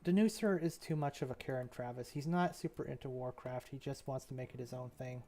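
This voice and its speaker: A man's voice: mid-range voice, fairly quick, a little mellow, a little hiss or hum. A young man chatting casually as he streams, rambling and laughing often. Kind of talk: casual chat while mapping.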